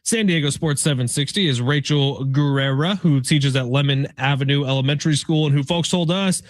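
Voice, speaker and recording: A man's voice: fairly high pitch, a little fast, no room sound. An American man hosting a sports radio show, chatting casually and joking with his co-host. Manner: upbeat, chatty, jokey. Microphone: studio broadcast mic.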